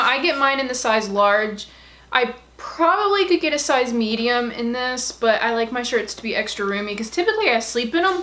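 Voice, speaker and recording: Woman host for a casual unboxing vlog: bubbly, effusive, voice sits a little high, gasps and squeals come easily. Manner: gushing, excitable, gasps and squeals often.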